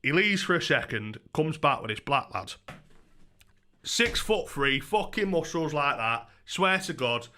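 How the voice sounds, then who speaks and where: A man's voice: fairly high pitch, a little slow, slight background noise. A young man, a streamer telling a rambling story full of swearing and restarts. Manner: profane, excitable, rambling with many restarts. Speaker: YouTuber streamer. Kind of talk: casual storytelling on a livestream.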